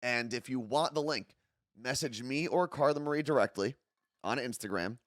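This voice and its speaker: A man's voice: medium pitch, normal speed, fairly bright tone, no room sound. Guy co-hosting a morning stream, jokey and self-mocking, medium voice, dry mic. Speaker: podcast co-host. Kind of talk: casual morning show chat.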